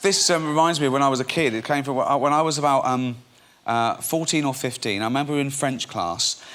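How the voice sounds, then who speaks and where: A man telling lively anecdotes on a studio chat show, acting out other people's voices. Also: medium pitch, fairly quick. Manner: animated storyteller acting out voices. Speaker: guest. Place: TV studio with audience.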